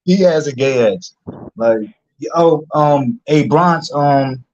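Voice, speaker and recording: A man's voice: fairly high pitch, slow pace, darkish tone, highs cut off, slight background noise. A man from Philadelphia hosting a casual stream, chatty, laughing often and full of fillers. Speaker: host. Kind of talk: casual live-stream chat.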